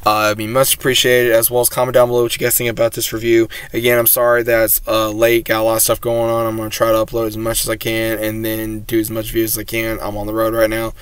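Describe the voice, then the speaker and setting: Flat-voiced man recapping an anime episode. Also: fairly low pitch, fast talker, few pauses, clean tone, dry recording. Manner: rambling retelling, many "he says" and filler sounds.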